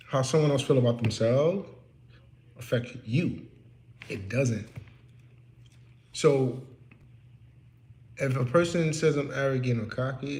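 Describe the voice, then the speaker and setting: A man's voice: mid-range voice, reverberant. A man working as a real estate investor, talking candidly and preaching a little to the listener, in a casual motivational talk from his office.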